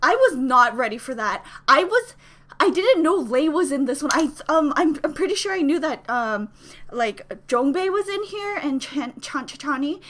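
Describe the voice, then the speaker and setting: A woman hosting a reaction vlog, talking casually and gushing with excitement, full of exclamations. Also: sits high, moderate pace. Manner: gushing, exclamatory, squealing with delight. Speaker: reaction video host.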